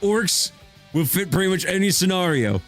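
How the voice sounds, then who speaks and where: A man's voice: high-pitched, animated, moderate pace, a bit bright, faint music behind. A man streaming as a VTuber in a casual chat, talking with rambling enthusiasm and frequent restarts.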